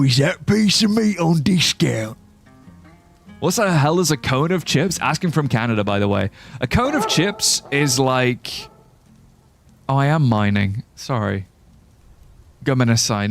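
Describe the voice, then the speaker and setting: With a mid-range voice full of vocal fry, a young British man rambles through a casual gaming stream. He jokes, swears and reads his chat aloud, his accent marking him as from the UK.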